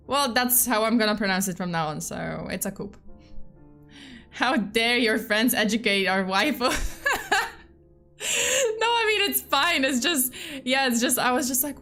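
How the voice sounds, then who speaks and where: A woman's voice: medium pitch, normal speed, a bit bright. A woman streamer telling a true-crime story in casual chat, chatty and self-mocking. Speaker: streamer host. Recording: faint music behind.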